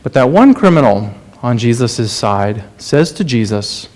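A man preaching a sermon, earnest and questioning, often dropping to a soft, low delivery for emphasis. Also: big pitch swings, unhurried.

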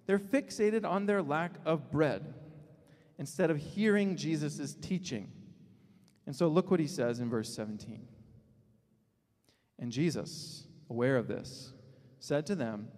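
A man preaching a sermon as pastor, with emphatic declarations that drop to low, quiet asides. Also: animated, a little slow. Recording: long reverb of a large hall.

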